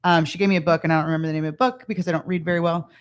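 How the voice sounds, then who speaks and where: A woman's voice: fairly low pitch, fairly even intonation, very fast, noisy background. A woman entrepreneur chatting on a talk show, telling stories with many fillers and restarts. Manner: rambling storyteller with many fillers. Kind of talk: casual chat.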